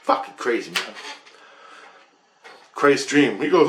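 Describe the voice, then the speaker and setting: A man's voice: mid-range voice, very animated, measured pace, vocal fry, long pauses, fairly bright tone. A man telling a rambling story about his dreams, profane and agitated. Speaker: vlogger.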